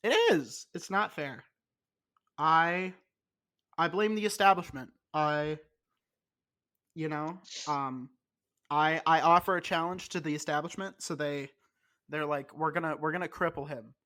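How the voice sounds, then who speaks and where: A man's voice: fairly high pitch, takes it slowly, pauses often, bright, forceful tone. A congested man co-hosting a podcast in casual chat, ranting and swearing with mock indignation. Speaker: podcast co-host.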